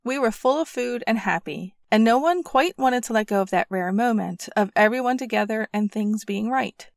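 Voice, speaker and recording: A woman reading a parenting audiobook aloud in a gentle storytelling manner, close to the mic. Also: on the high side, normal speed, gravelly, no echo. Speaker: audiobook narrator. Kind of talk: scripted audiobook narration.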